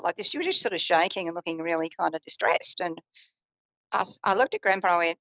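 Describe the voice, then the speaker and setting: A woman's voice: fast talker, dry recording, dull audio. A woman psychic telling a personal family story on a radio show, acting out the people she quotes. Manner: lively, acts out quoted family voices in a raised pitch.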